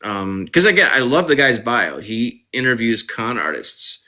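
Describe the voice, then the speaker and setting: Male live-streamer with a bright voice, ranting indignantly about a case into his phone. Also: mid-range voice, very animated, a little slow. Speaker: true crime live streamer. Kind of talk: casual live-stream commentary.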